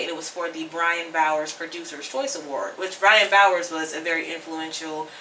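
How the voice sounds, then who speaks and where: Young woman guest, lively dramatic storyteller, sharp bright tone, roomy distant mic. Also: low voice, moderate pace. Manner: animated, laughs often, dramatic retelling. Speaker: podcast guest, first-time filmmaker. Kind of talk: casual storytelling chat. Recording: roomy sound from a distant mic, faint noise.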